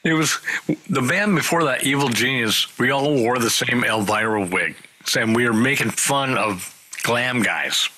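A man telling road stories in a casual interview, animated and acting out the people he quotes. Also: medium pitch, a little slow, a little hiss or hum, low-quality recording.

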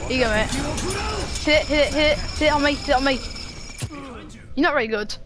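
A woman giving excited, giggly commentary while playing a game, yelping and shouting at what happens on screen. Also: high voice, fast, background noise. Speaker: gaming video host.

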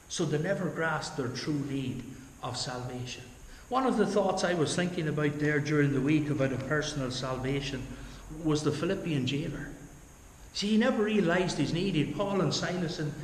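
A pastor leading a Bible study sermon, earnest, dropping low and soft at the end of each point, with homely asides to the congregation. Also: male voice, a little hiss or hum. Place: church hall. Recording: echoey church hall, long reverb.

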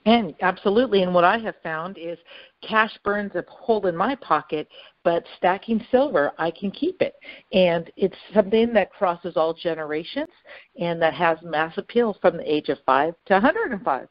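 Calm woman hosting an interview. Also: lowish voice, moderate pace, no echo. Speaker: host. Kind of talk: casual interview talk. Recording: dull, lo-fi audio.

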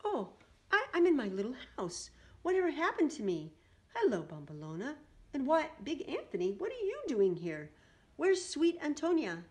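Lady reading kind old witch teacher, gentle and patient but firm, lively storybook voice. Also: high voice, moderate pace, pitched above the performer's own voice. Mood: bewildered. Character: Strega Nona, a kindly, wise old woman witch teacher.

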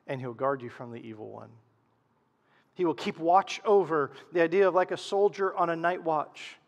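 A man preaching a sermon as pastor, swinging from loud emphasis to hushed, quiet lows. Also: moderate pace, gravelly, in a large hall, muffled recording.

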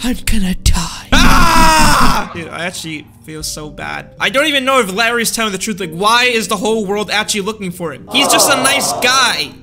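A man giving joking, excitable let's-play commentary as he plays a game. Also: high-pitched, brisk, few pauses. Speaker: gaming host. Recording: game music behind.

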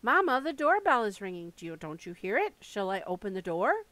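A woman's voice: medium pitch, very animated, brisk, fairly bright tone, dry recording, low-quality recording. A woman reading aloud and voicing a frightened, earnest young girl who pleads. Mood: anxious.

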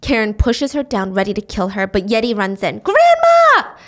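A woman's voice: mid-range voice, a little fast. A woman hosting a podcast, animatedly retelling a thriller plot in a casual way. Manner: animated retelling with voiced quotes. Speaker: podcast host. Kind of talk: casual story recap.

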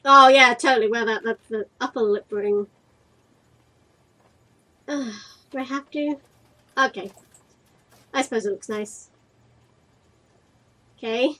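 A woman's voice: on the high side, slow pace, long pauses, bright, forceful tone, low-quality recording. A young woman giving crude, cheeky let's-play commentary while playing a game, playfully exasperated at what is on screen. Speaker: gaming video creator.

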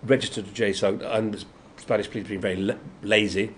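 A man's voice: lowish voice, fast. An older man with a Yorkshire accent, an actor telling anecdotes in an interview, acting out the quotes and laughing often. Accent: Yorkshire English. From Yorkshire, England. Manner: lively storyteller, acts out quotes, laughs often. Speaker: guest actor. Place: convention room. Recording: noisy convention room.

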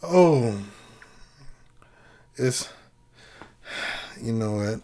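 Slow-talking man hosting a reaction video. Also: mid-range voice, lively intonation. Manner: exclaiming, laughing, talking straight to viewers. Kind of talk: casual reaction chat.

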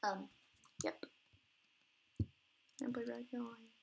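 A woman's voice: on the high side, fairly even intonation, takes it slowly, gravelly, slight background noise. A woman chatting casually while playing and recording an online game, giggling often and exclaiming when surprised. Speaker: gamer recording gameplay.

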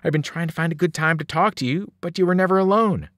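Man doing a snappy tough teen girl, quick clipped lines, storybook. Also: on the high side, a bit bright, no echo, studio quality, pitched above the performer's own voice, lightly acted. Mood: curt. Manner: curt, snappy. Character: fierce tough teenage girl.

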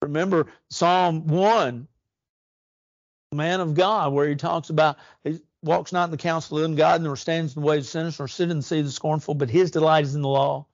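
A man delivers a church sermon with earnest conviction, stretching key words slowly and lifting his voice for emphasis. His voice sits a little high, recorded close and dry with a slightly dull, muffled sound. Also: fairly even intonation, no room sound. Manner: earnest, rising emphasis and slow drawn-out stresses. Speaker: preacher.

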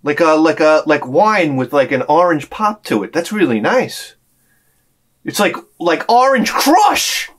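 Animated, rambling vlogger man. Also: on the high side, a little slow. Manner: rambling, animated storytelling with frequent exclamations. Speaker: YouTube collector vlogger. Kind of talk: casual unboxing vlog.

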